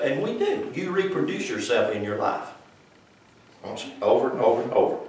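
A man preaching an informal sermon, moving between loud emphatic passages and quiet explanation, with folksy grammar. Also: medium pitch, expressive, moderate pace, a little hiss or hum. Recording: echoey room, mic far off.

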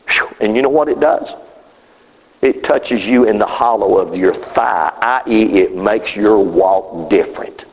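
In a dull recording washed with long hall reverb, a man gives a sermon. His phrasing is emphatic and drawn out, marked by sudden rises and falls in pitch.

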